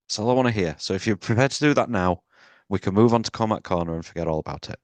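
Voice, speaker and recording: A man's voice: lowish voice, lively intonation, rapid-fire, dry recording. A man hosting a casual movie podcast, joking and teasing his co-host in a rambling way.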